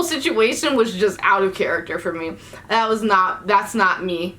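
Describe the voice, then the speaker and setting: A young woman telling a story in a casual storytime vlog, animated and slangy, with sudden swearing outbursts. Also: mid-range voice, moderate pace. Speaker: vlogger.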